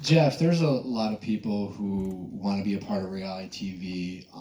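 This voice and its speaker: Male moderator, low, upbeat; hall echo, faint noise. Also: normal speed. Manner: enthusiastic, talks up the show. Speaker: panel moderator. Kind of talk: moderating a panel.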